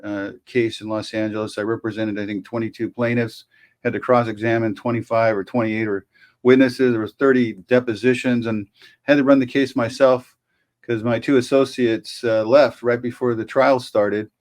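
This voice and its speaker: Host: a male lawyer, casual commentary, chatty, mid pitch. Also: level tone, normal speed, a little mellow. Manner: chatty, self-amused.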